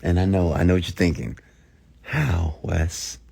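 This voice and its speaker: Deep-voiced middle-aged man, emphatic motivator. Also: steady tone, fast talker. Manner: emphatic, swinging from hushed near-whispers to shouts. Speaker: motivational speaker. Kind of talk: motivational monologue to camera.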